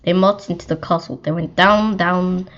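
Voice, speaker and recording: A woman reading a children's storybook aloud in a lively way, with some stumbles and restarts. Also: fairly low pitch, normal speed. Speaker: story reader. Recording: slightly dull lo-fi recording.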